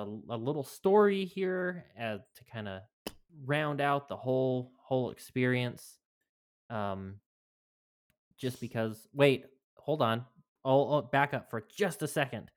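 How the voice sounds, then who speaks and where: A man's voice: mid-range voice, takes it slowly, clear, resonant tone. A man co-hosting a podcast, laid-back and hesitant, with many fillers and restarts. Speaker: podcast co-host. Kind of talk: casual comedic chat.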